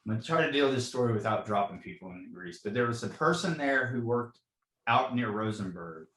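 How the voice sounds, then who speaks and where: A fire captain in his forties talks at medium pitch, animated and brisk, his tone a bit bright. The room is echoey and the recording rough. In this podcast interview he earnestly relates personal stories, frequently saying "you know" and repeating himself.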